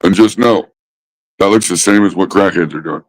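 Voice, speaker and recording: A man ranting casually about smoking habits, swearing constantly and mocking others with drawn-out pauses. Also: low-pitched, rough recording. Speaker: host. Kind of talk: casual profane rant.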